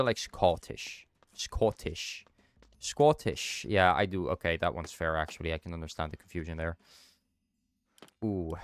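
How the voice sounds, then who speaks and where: A man's voice: deep voice, smooth, dry recording. A young Dutch man streaming a game, chatting casually with his viewers; his nose is stuffed up from a cold. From Netherlands. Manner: chatty, answers chat while playing. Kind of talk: casual chat while gaming.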